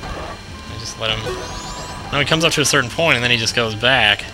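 A young man casually commentating a video game, excitable and jokey, thinking aloud as he plays. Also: medium pitch, moderate pace, poor audio. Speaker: let's play commentator. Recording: game music playing behind voice.

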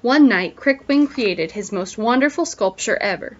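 A woman teacher reading a picture book aloud to children in an expressive storytelling way, pausing to ask them questions, on a dull lo-fi recording. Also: a little high.

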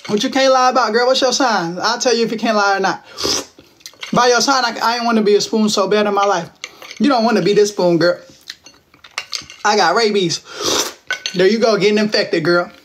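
A man's voice: high voice, fairly bright tone, a little hiss or hum. A man in his twenties from Texas, hosting a casual livestream from home on his phone, teasing viewers and answering their comments in playful slang. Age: 20s. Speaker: livestream host.

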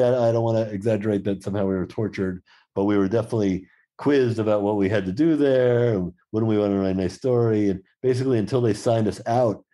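A middle-aged man with a fairly low, mellow voice, chatting as a podcast guest. He tells his travel anecdotes with relish, slipping into the quoted voices of the people in his stories. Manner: lively anecdotal storyteller who acts out quoted exchanges. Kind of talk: casual storytelling conversation.

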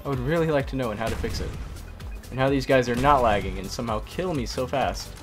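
A man's voice: medium pitch, quick pace. A tired man giving rambling, casual commentary on his own gameplay, talking to himself and swapping swear words for mild ones. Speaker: gaming commentator. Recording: game audio with music underneath.

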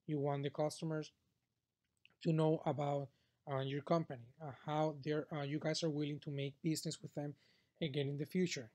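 A man's voice: on the high side, darkish tone. A man teaching a customer service training class, talking straight to the students, with frequent fillers and "okay?" check-ins. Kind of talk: classroom lecture.

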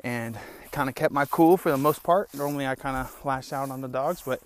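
A man's voice: medium pitch, fairly quick. A young man hosting a solo podcast, talking in a loose, candid, rambling way and calling listeners "bro" and "man", a little out of breath. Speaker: podcast host. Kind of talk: casual solo podcast talk. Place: small outdoor hideout on rural land.

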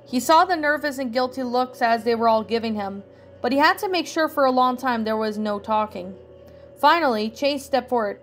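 A woman narrating a fan fiction story with an expressive reading. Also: fairly high pitch, moderate pace, soft background music.

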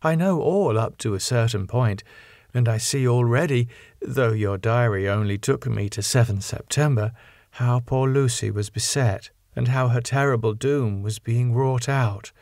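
A man reading an audiobook, voicing a gentle but resolute young woman who speaks gravely and appealingly. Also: medium pitch, a little slow, dry recording, studio quality, lightly acted. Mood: earnest.

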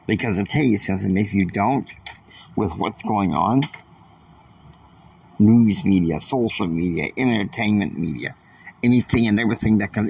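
Earnest male podcast host, husky, emphatic, a bit off-mic. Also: lowish voice, far from the mic, poor audio. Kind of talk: faith-based motivational monologue.

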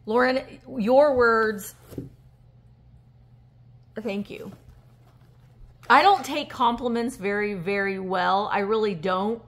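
A woman, chatting casually on a handheld phone vlog as she reads fan mail and opens a gift, emotional and gushing with breathy gasps. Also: medium pitch, slow pace, pauses often. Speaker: vintage reseller vlogger. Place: indoors at a table. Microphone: handheld phone camera.

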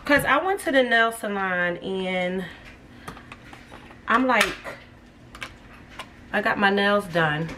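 A woman's voice: mid-range voice, lively intonation, takes it slowly, long pauses. A woman, chatting to her viewers as she cooks at home. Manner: chatty, addresses viewers as y'all. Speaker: cooking vlogger. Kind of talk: casual cooking vlog. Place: home kitchen. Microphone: phone camera set back. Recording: distant phone mic with background noise.

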